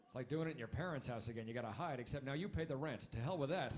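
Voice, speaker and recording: A man in his thirties doing a stand-up comedy set on a club stage, wry and punchy, with quick asides to the crowd. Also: mid-range voice, background noise.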